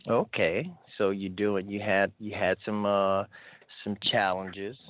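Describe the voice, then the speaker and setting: A man's voice: fairly low pitch, fairly even intonation, slow pace, no room sound. A man hosting a call-in radio show, chatty and upbeat, often restarting his sentences. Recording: thin phone-like audio.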